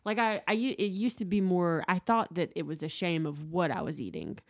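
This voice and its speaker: A woman with a slightly low voice chats casually as a co-host. She rambles through her stories, full of fillers and restarts, and acts out quotes with animation. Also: animated, a little fast, a little mellow. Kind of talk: casual chat.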